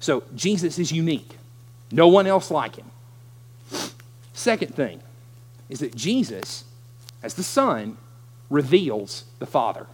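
Male pastor, lively sermon delivery, slightly high voice. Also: slow, long pauses, slightly rough. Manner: animated, acts out scripture voices.

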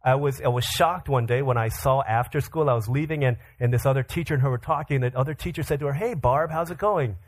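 A man's voice: medium pitch, fairly even intonation, fast, hardly any pauses. A man preaching to young people, telling playful stories with acted-out voices. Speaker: pastor. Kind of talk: sermon to a youth audience.

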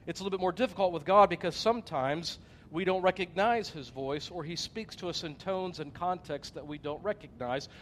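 A man preaching a sermon, swinging from loud emphasis to hushed softness and telling stories with acted quotes. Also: fairly high pitch, a little hiss or hum. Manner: storytelling with acted quotes and a joke. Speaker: pastor.

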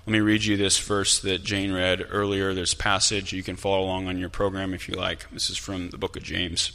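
A man preaching a sermon as pastor, talking in a conversational, animated way in a church sanctuary. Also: low-pitched, a little fast, hardly any pauses. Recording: long hall reverb.

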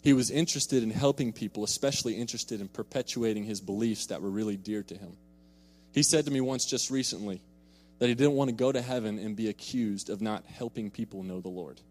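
A man's voice: on the low side, fairly quick, a little mellow. A young man preaching a sermon, telling a personal story in an earnest way and repeating words when he is emphatic. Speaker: pastor. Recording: long reverb in a large hall.

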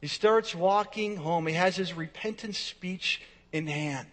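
A man with a high voice preaching a sermon in a church, leaning hard on repeated phrases and swinging from soft to loud. His voice rings out with a long hall reverb behind every line. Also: unhurried. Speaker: pastor.

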